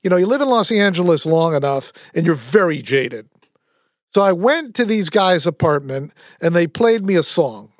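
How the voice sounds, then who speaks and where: A man with a notably high speaking voice hosts a podcast, pressing his points hard and cutting in often. The recording is dry, with no room sound. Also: expressive, moderate pace, dry recording. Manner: emphatic, cuts in and argues points. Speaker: podcast host. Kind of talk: conversational interview.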